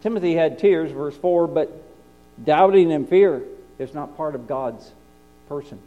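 A man preaching a sermon, climbing into impassioned high peaks and then dropping low and quiet. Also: unhurried. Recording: dull lo-fi recording with mains hum.

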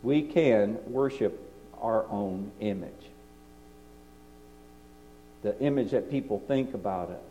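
Lively high-voiced male preacher, lo-fi. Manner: swings from loud emphasis to quiet, hushed asides. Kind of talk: sermon. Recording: dull lo-fi recording.

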